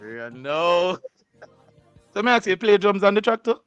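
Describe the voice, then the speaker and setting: A man's voice: high voice, normal speed, clean tone, no echo, muffled recording, faint music behind. A man hosting a radio show in a studio, teasing and laughing as he chats with a guest. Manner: teasing, animated, laughs often. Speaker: radio host. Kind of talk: playful casual radio chat.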